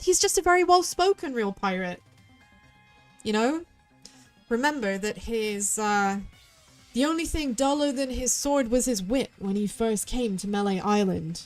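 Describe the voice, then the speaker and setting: Chatty West Country woman streamer. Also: on the high side. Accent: West Country English. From southwest England. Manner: rambling, chatty, quick tangents. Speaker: VTuber streamer. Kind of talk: let's play commentary.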